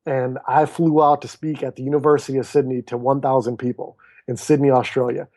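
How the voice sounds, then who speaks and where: A man's voice: medium pitch, a little fast, dry recording. A man in his thirties, a podcast guest who tells his story in a casual interview and acts out the voices of people in it. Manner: animated storyteller who acts out quoted dialogue. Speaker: podcast guest, author and speaker.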